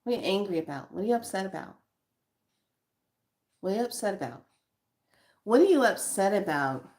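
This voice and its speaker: A woman giving a guided spiritual card reading, slow and reflective, repeating her questions to the listener. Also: medium pitch, expressive, a little mellow.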